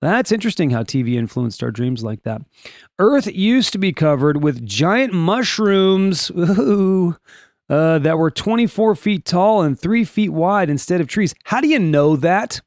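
A man's voice: on the high side, expressive, normal speed, dry recording, studio quality. A man hosting a casual daily podcast from a room at home, reading items and rambling through wry asides while stumbling over names. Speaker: podcast host.

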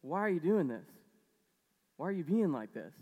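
A man's voice: fairly high pitch, big pitch swings, moderate pace, darkish tone, in a large hall. A man doing a weary Roman soldier. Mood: baffled.

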